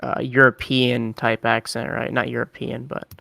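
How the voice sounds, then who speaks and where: A man's voice: mid-range voice, flat delivery, moderate pace, gravelly, bright, forceful tone, dry recording, clean studio sound. A man co-hosting a podcast in casual chat, hesitant and searching for words with many restarts.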